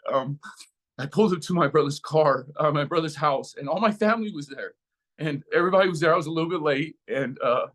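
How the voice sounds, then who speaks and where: A man telling an emotional personal story as a guest speaker, acting out voices from it with lots of life. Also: sits high. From USA. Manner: animated, acts out voices in his story.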